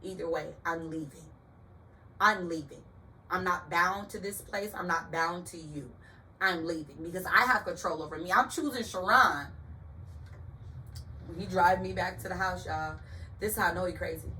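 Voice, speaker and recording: A woman telling a personal story in an emphatic, animated way, talking straight to her listeners. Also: lowish voice, normal speed, far from the mic, a little hiss or hum, low-quality recording.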